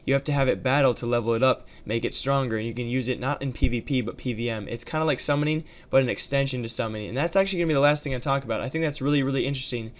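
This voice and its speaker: A man talks over gameplay for his channel in a loose, chatty way, with plenty of fillers and frequent asides to his viewers. His voice is smooth and clear, and his pitch sits in a middle range. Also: racing, hardly any pauses. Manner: chatty, addresses viewers as guys, many fillers. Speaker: gaming video creator. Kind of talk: casual gameplay commentary.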